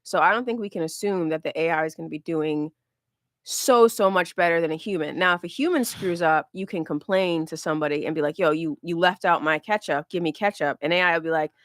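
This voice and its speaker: A woman co-hosting a podcast, calmly pushing back with skeptical points. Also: lowish voice, quick pace, no room sound, studio quality. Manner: calm, skeptical, argues her point steadily. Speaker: podcast co-host. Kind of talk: casual live podcast chat.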